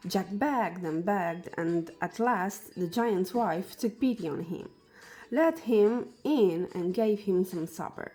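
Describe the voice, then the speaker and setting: A woman reading a fairy tale aloud for children, slowly and with small slips and restarts. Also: on the low side, warm tone, low-quality recording. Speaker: storyteller.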